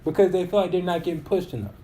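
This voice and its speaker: A young man in his twenties co-hosts a casual podcast chat, pressing his opinions and circling back over his own words. His voice sits a bit high for a man, and a faint hiss runs under the recording. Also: lively intonation, very fast, warm tone. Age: 20s. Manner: opinionated, argues points with repeated restarts. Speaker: podcast co-host.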